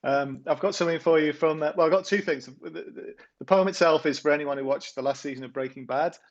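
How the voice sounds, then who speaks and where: A man's voice: fairly high pitch, quick pace, lo-fi sound. A man co-hosting a football podcast, chatting casually with lots of tag questions, then reading out a comic rhyming poem. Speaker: podcast co-host and poet.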